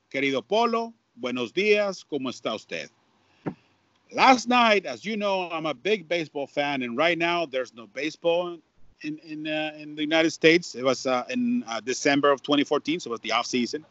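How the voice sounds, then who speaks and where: A man, a baseball broadcaster, telling a story in an interview with lively repetitions and Spanish phrases. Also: fairly high pitch, no echo, muffled recording. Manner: animated, repeats words, mixes in Spanish phrases. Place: at home.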